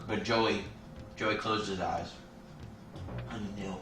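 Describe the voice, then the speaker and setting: A man with a lowish voice speaks slowly and fairly evenly, chatting and joking in a playful, rambling way with jokey asides while live-streaming a game. The mic sounds distant and roomy, with loud game music behind him.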